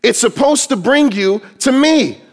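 A man with a notably high voice preaches a sermon. He leans into his points with emphasis. Now and then he slips into dramatic voices to quote scripture. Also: animated, a little slow. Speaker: pastor.

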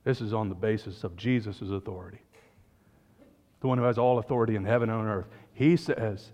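Animated male pastor preaching in a hall. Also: on the low side, fairly quick, highs cut off. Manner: animated, rising to emphatic peaks and dropping to hushed lines. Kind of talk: sermon.

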